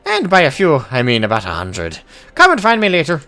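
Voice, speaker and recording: A hearty, boastful dwarf who loves his ale, as a man puts him on, with a put-on Irish accent. The voice sits a bit high and swings lively up and down. Faint game music plays underneath. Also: a little fast, full character voice. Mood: jovial. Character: jovial hard-drinking male dwarf adventurer. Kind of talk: voicing game dialogue aloud.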